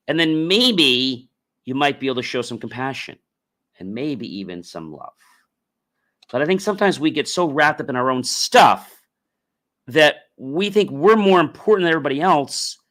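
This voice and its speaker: A man hosting a podcast interview, talking in a loose, expressive way. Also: mid-range voice, normal speed. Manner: expressive, acts out imagined voices. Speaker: podcast host. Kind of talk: casual interview chat.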